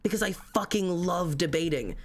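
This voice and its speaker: A man's voice: high-pitched, lively intonation, moderate pace. Man, livestreamer, casual rant, heavy swearing, rambling, self-critical. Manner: self-critical, venting to chat. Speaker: livestreamer reading chat.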